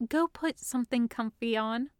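A woman's voice: on the high side, moderate pace, clear, resonant tone, no room sound, lightly acted. A woman voicing a dry, practical adult woman in an audiobook reading, matter-of-fact in manner.

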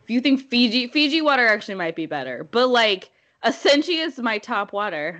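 A woman's voice: a little high, a little fast. Giggly young woman podcast co-host. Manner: giggly, animated, laughs often. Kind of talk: casual chat.

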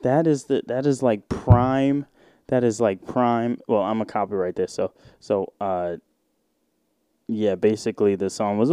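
A man's voice: fairly low pitch, steady tone, a little slow, dark tone, clean tone, no room sound, soft background music. A man hosting a solo podcast, ranting in a casual, indignant way with lots of swearing and filler words. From United States. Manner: profane, indignant, rambling with many fillers. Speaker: podcast host.

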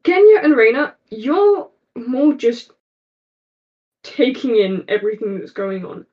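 A woman game master narrating a tabletop game, setting scenes in a slow, meandering, descriptive way. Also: a little high, big pitch swings, muffled recording.

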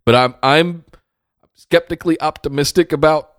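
A man's voice: on the high side, normal speed, no echo, studio quality. A man co-hosting a wrestling podcast in casual chat, upbeat and easygoing.

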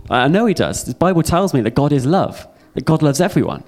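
A man's voice: fairly high pitch, very animated, fast talker, a little mellow, faint music behind. A young man giving a heartfelt personal testimony sermon to a youth audience. He speaks earnestly and repeats phrases for emphasis.

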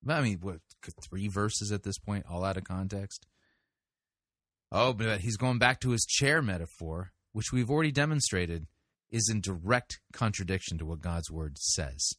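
A man's voice: on the low side, normal speed, fairly bright tone, no echo, clean studio sound. A man commenting on a sermon clip, sarcastic and pointed, firing rhetorical questions. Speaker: podcast critic, sermon reviewer.

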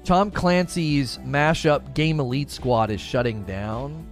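A man's voice: medium pitch, takes it slowly, faint music behind. A man in casual gaming chat as a YouTuber host, laughing often and repeating phrases.

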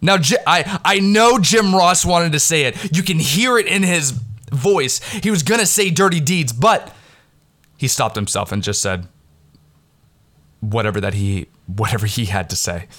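A man excitedly recapping a wrestling event in a rambling, casual way, swearing freely, recorded on a headset mic at home. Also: fairly high pitch, measured pace. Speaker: wrestling fan recapping a pay-per-view. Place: home recording in the Pittsburgh area. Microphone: headset mic with headphones.

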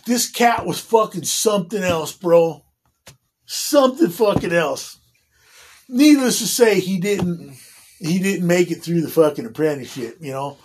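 A man's voice: high-pitched, lively intonation, measured pace, a little mellow, slight background noise. A man casually telling a long story, swearing constantly, laughing often and restarting his sentences. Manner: profane, laughing, rambling with many restarts.

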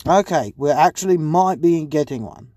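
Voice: medium pitch, lively intonation, normal speed, dark tone, no echo. A podcast host chatting casually and swearing freely while taking requests from listeners. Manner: profane, self-mocking.

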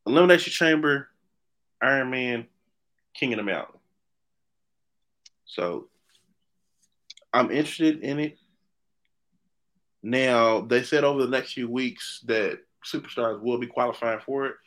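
A man co-hosting a podcast in casual chat, animated and opinionated, often restarting his sentences. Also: medium pitch, a little slow, long pauses. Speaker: podcast co-host.

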